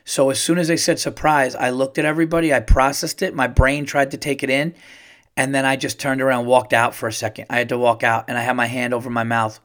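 A middle-aged man hosts his podcast and tells a long personal story. He rambles, gets excited and swears freely. His voice sits in an ordinary middle pitch. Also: fast talker. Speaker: podcast host. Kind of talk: casual storytelling monologue.

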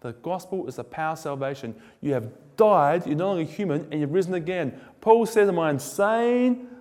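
A man preaching a sermon in a casual, joking, animated storytelling way. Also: on the high side, fairly quick. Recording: echoey hall with long reverb.

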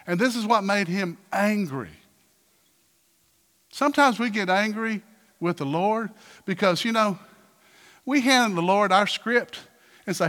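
A man preaching a sermon in a church, animated, firing rhetorical questions and acting out quotes. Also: high-pitched, normal speed, long reverb tail. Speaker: pastor.

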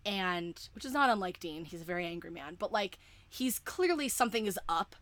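A woman co-hosting a casual fan podcast, rambling excitedly with lots of "like" and some swearing. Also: lowish voice, fairly quick, no room sound. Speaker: podcast co-host. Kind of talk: casual chat.

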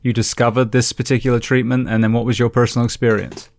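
A man's voice: mid-range voice, level tone, fast, a little mellow, no room sound, studio quality. A man asking an interview guest about his personal experience in a plain way. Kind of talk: interview question.

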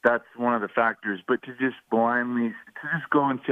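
A man's voice: medium pitch, fairly even intonation, moderate pace, dry recording. Skeptical man on a dry phone line. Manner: skeptical, argumentative. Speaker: radio co-host. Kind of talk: sports radio talk.

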